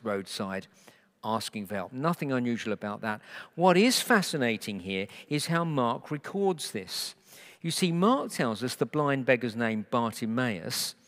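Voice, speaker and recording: A man preaching an expository sermon, animated and rhetorical, often asking his listeners questions. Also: mid-range voice. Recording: long hall reverb.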